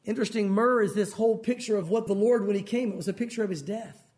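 A man's voice: fast talker, darkish tone. A man preaching a sermon with an emphatic delivery, now and then acting out the voices in the verses he quotes. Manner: acts out quoted voices, rising pitch for pleading lines.

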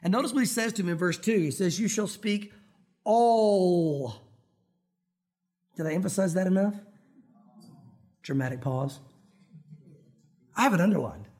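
Guy preaching, chatty with little jokes, leans hard on key words, pretty high voice. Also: expressive, brisk, long pauses, darkish tone. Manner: conversational, joking asides, emphatic stresses. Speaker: pastor. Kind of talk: sermon, verse-by-verse Bible teaching.

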